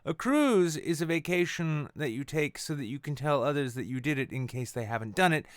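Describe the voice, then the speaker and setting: A man's voice: on the high side, lively intonation, fairly quick, no room sound, studio quality. A man hosting a late-night comedy show from his apartment, ranting about the news sarcastically and swearing constantly. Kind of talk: profane satirical news rant. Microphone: on camera at home.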